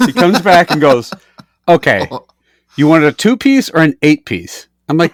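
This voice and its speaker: Male podcast co-host, lively storyteller, fairly high voice, swears a lot, dry close sound. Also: moderate pace, dry recording. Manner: animated storyteller, acts out both sides of exchanges, swears freely. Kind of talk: casual chat.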